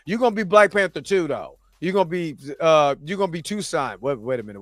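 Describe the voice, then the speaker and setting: Man, livestream host, casual chat, fairly high voice, dry close mic, faint music behind. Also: lively intonation, a little fast, few pauses, fairly bright tone, dry recording. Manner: laid-back, chatty, often laughing and trying voices.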